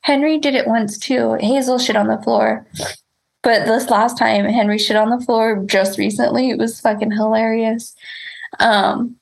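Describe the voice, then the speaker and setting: A woman's voice: fairly high pitch, fairly even intonation, measured pace, vocal fry, poor audio. A woman telling a story in casual chat, laughing often, swearing and rambling with lots of fillers.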